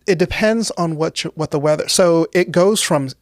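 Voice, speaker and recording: A young woman, a guest comedian, chatting casually in an interview with deadpan dark humor and laughing at her own jokes. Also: fairly low pitch, normal speed, no room sound, studio quality.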